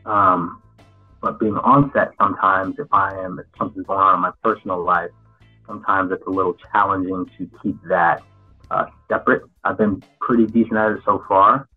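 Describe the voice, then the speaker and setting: A man's voice: low voice, fairly even intonation, normal speed, husky. A man, an actor as interview guest, answering frankly and reflectively, often restarting his sentences. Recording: tinny phone-like line with faint music.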